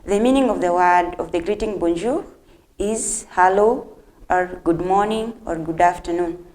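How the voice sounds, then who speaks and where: A woman hosting a televised language lesson, speaking directly to the viewers and repeating phrases slowly for learners. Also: fairly low pitch, darkish tone. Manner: friendly, addresses viewers directly. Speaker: host and French teacher.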